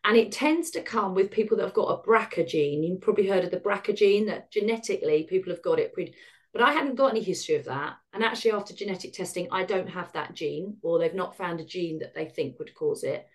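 A woman's voice: on the low side, fast. Frank woman telling her story. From United Kingdom. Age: middle-aged. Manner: frank and self-deprecating, acts out quoted dialogue. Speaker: podcast guest. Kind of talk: candid personal storytelling.

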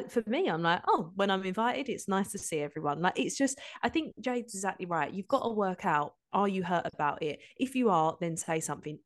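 A woman co-hosting a podcast in casual chat, rambling and exasperated. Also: on the low side. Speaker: podcast co-host.

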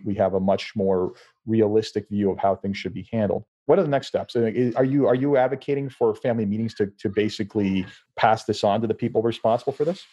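A man's voice: on the low side, mellow. A man hosting an interview, casual and conversational as a financial planner. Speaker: podcast host, financial planner. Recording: dull lo-fi recording.

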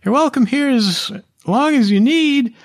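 A man voicing a tiny, flustered, kindly halfling woman in a high squeaky voice. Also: lively intonation, a little slow, no room sound, clean studio sound, full character voice. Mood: anxious eager.

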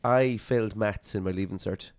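Jokey Irish man, lowish voice. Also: darkish tone, no room sound. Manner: quick jokey reactions, laughs often. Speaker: podcast co-host. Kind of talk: casual chat.

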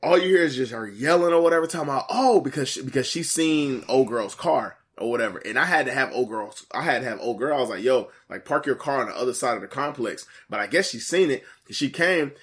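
A man casually telling a story in slang, animated, jumping to a higher voice when he quotes people. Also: fast talker, few pauses, breathy edge.

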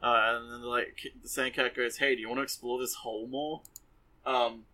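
Man, podcast recap, sarcastic, rambling, exasperated, bright tense voice. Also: mid-range voice, level tone, normal speed, poor audio. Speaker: podcast co-host recapping an anime. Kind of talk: casual comedic recap.

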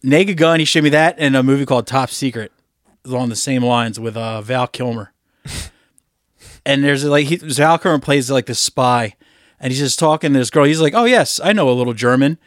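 A man co-hosting a podcast, chatting casually, swearing freely, and retelling comedy movie scenes with lively impressions. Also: medium pitch, moderate pace, dry recording, clean studio sound. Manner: animated storytelling, swearing, acting out movie lines. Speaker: podcast co-host. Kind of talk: casual chat.

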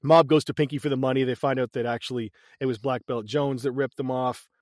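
A man's voice: mid-range voice, fairly even intonation, fast, a little mellow, no room sound, clean studio sound. A man co-hosting a casual movie recap, retelling scenes with profanity and frequent laughter. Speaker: podcast co-host.

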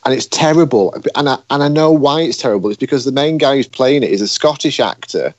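A man's voice: medium pitch, animated, fast, dry recording. A man co-hosting a podcast, chatting casually about TV shows and giving blunt, dryly dismissive opinions. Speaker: podcast co-host.

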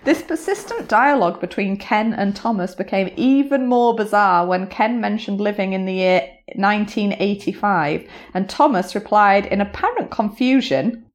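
A woman's voice: mid-range voice, expressive, normal speed, few pauses. A woman hosting a podcast, narrating a scripted story and chatting with a guest, laughing at her own slips. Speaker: podcast host.

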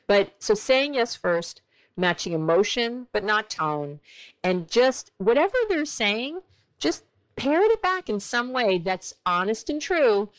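A woman's voice: a little slow, low-quality recording. A woman in her forties, a therapist hosting a relationship advice podcast, talking animatedly and acting out bits of dialogue. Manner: animated, acts out quoted dialogue with big pitch jumps.

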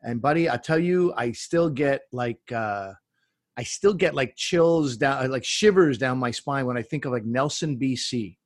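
A man, a comedian guest, telling lively anecdotes in casual chat, acting out quotes as he goes. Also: medium pitch, unhurried, no room sound, clean studio sound. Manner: animated anecdotes with acted-out quotes.

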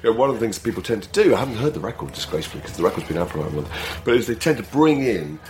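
A male radio presenter chatting casually and telling animated, rambling anecdotes. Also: fairly low pitch, rapid-fire. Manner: animated, laughing, rambling storyteller. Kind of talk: casual chat.

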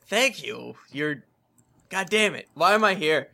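A man's voice: fairly high pitch, animated, unhurried, creaky, sharp tone. A man playing a tabletop game, joking and teasing the others in playful banter.

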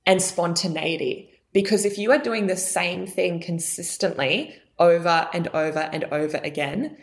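She's a young adult coach guesting on a podcast, speaking at normal speed in an animated, expressive way and varying her pitch to stress key ideas.

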